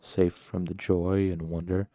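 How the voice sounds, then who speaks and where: A man voicing Selatos, a troubled and sorrowful ally, speaking quietly and gravely in an audiobook reading. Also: sits low, a little slow, no room sound, studio quality. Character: troubled sorrowful male friend, old ally.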